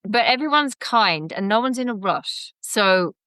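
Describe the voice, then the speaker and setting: Bright London woman, chatty and reflective. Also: medium pitch, expressive, a little slow, smooth, dry recording. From England. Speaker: guest, education center founder. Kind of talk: casual podcast interview.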